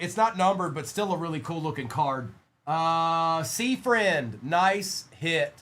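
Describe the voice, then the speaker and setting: A man's voice: on the high side, animated, slow pace, a bit bright. Upbeat card-break host, a man. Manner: upbeat, chatty, rattles off player names while opening packs. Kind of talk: live-stream card break commentary.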